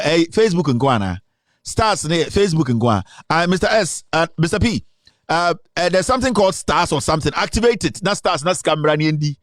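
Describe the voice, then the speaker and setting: Ghanaian man, live stream host, boastful and rambling, slightly high voice, dry close mic. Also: no echo. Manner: boastful, switches between Twi and English, rambling asides. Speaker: online show host. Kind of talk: live political talk stream.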